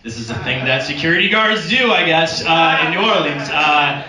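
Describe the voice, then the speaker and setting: Stand-up comic working a crowd. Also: male voice, fairly high pitch, expressive, a little fast, sharp tone, reverberant, distant mic. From Buffalo, New York. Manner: loose storytelling with crowd work. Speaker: stand-up comedian. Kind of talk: stand-up set.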